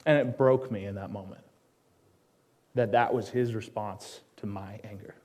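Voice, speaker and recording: A man preaching a personal sermon in a church, telling his story and turning to ask the congregation quick questions, going quiet and low on the solemn lines. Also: steady tone. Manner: drops to a hushed tone on solemn lines. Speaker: pastor.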